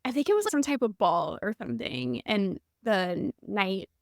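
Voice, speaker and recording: A woman's voice: mid-range voice, very animated, normal speed, creaky, dry recording, studio quality. A young woman co-hosting a podcast, gushing enthusiastically as she retells favorite book scenes. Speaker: podcast co-host. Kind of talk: casual book review chat.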